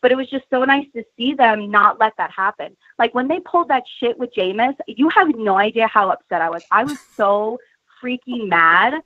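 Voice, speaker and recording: A high-voiced woman from Tampa calls in over a muffled phone line. She talks in an animated, blunt way, cursing freely and venting hard. The sound is dry and close. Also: moderate pace, dry recording. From Tampa area. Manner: animated, swears, laughs, vents loudly. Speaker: caller. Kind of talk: phone call-in.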